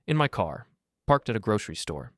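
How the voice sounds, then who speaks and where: A man voicing a frightened young married woman in a story, hushed and self-blaming. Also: fairly low pitch, very animated, brisk, no echo, clean studio sound. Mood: distressed.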